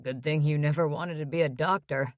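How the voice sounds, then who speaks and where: A woman voicing an injured young male firefighter who talks quietly with dry humor. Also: sits low, steady tone, a little fast, no room sound, voice pushed down, lightly acted. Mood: weak, wry.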